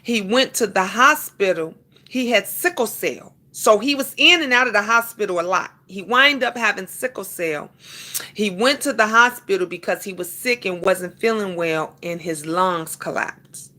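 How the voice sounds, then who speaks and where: A woman's voice: medium pitch, normal speed, pushed and bright. A woman hosting a casual live stream, preaching to her viewers, repeating herself for emphasis, calling them honey and thanking commenters by name. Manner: emphatic repetitions, calls listeners honey.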